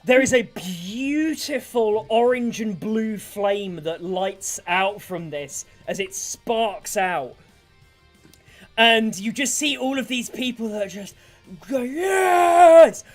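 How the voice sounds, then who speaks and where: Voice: mid-range voice, takes it slowly. A game master narrating a tabletop fight in vivid, gory detail over faint background music.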